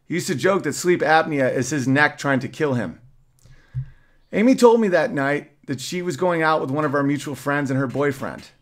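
A man's voice: on the high side, animated, moderate pace. Wry man reading his own memoir. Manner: wry storytelling with side remarks. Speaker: podcast host.

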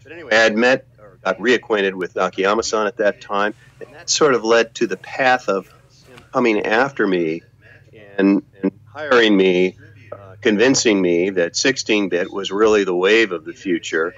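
A man's voice: on the low side, moderate pace, fairly bright tone, muffled recording. Older man telling rambling stories. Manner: rambling anecdotes, frequent repeated words and restarts. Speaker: guest, former video game executive. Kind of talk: relaxed interview storytelling.

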